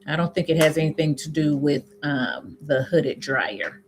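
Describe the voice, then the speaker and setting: Chatting with her live-stream audience, a YouTube host with a Southern US accent reads out comments and replies with abrupt, high-pitched laughing outbursts. She is expressive and a little slow, with slight background noise.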